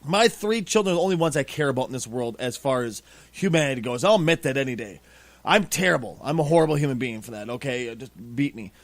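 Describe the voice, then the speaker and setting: Profane, excitable man on a podcast. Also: medium pitch, quick pace, no echo. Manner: blunt, profane, excitable storyteller. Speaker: podcast co-host. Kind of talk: casual podcast chat.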